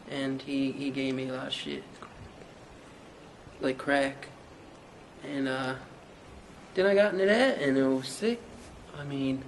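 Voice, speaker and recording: A man's voice: on the high side, a bit bright, slight background noise, close to an everyday voice, low-quality recording. A man with a Newfoundland accent playing a crude, boastful young rapper, telling a rambling, profane story in a mockumentary interview.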